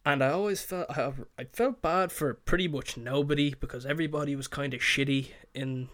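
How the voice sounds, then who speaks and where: A man's voice: a little high, fairly quick, a bit bright, dry recording. A man hosting his own podcast, rambling casually with lots of fillers and swearing. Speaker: podcast host. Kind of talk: casual solo podcast chat.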